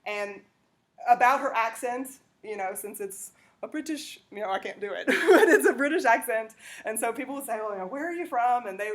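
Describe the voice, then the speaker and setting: A woman's voice: a little high, lively intonation, moderate pace. Woman teaching a class. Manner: conversational, checks in with "okay?". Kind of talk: classroom lecture.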